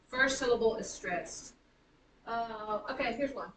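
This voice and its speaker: A woman teaching a high school writing class, chanting the stress patterns of words aloud. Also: normal speed, a bit bright, distant mic, slight background noise. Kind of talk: classroom lecture on poetic meter. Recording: echoey classroom recorded from afar.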